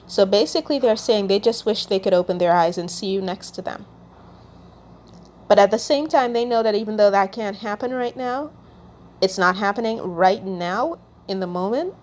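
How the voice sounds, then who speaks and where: A woman's voice: mid-range voice, slight background noise. A woman hosting a casual Christian video, reading out song lyrics and explaining them, checking in often with "okay?". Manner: warm, checks in with "okay?", reads lyrics aloud.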